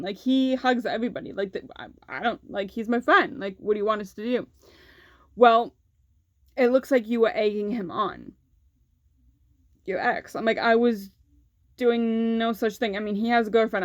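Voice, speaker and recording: A woman's voice: on the high side, moderate pace, pauses often, dry recording, highs cut off. A young woman vlogger telling a personal story in a candid, casual way, swearing freely and saying "like" often.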